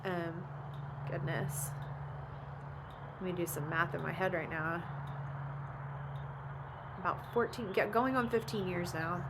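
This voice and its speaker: A woman's voice: lowish voice, steady tone, slow pace, pauses often, noisy background. A woman, chatting casually about family life and laughing often. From Oklahoma. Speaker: vlogger and ranch mom. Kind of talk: casual chat.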